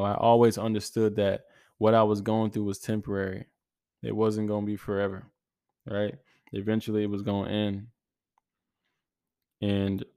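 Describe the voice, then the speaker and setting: A young man in his twenties speaks in a low, even voice with little rise and fall. He talks earnestly and casually, with slang, repeated phrases and false starts. The sound is dry and close, with no room echo. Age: 20s. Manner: earnest, repetitive, slangy, many restarts. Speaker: podcast host. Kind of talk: casual motivational monologue.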